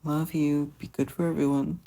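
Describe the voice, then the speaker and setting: A fan fiction reader voicing a gentle, doting teenage older brother who talks in a soft, coaxing way. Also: medium pitch, flat delivery, normal speed, lightly acted. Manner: soft, coaxing, tender teasing. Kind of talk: fan fiction audiobook reading.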